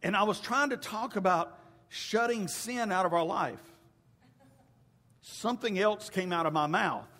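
A man's voice: high-pitched, measured pace, bright, forceful tone. A male pastor preaching a folksy, conversational sermon straight to his congregation. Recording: reverberant hall.

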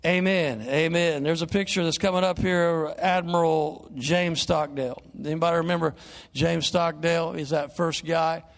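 Older preacher guy, kinda high voice, long church echo, goes from quiet praying to lively storytelling. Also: moderate pace, creaky. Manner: earnest preaching, swings from hushed prayer to animated storytelling. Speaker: guest evangelist. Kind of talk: sermon and prayer. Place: church sanctuary.

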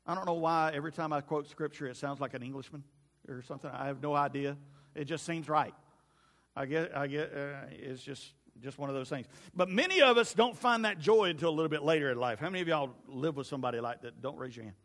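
A man preaching a sermon to his congregation in a lively, humorous way that addresses the listeners directly. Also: fairly high pitch, fast, long reverb tail. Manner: animated and humorous, talks to the congregation. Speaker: pastor.

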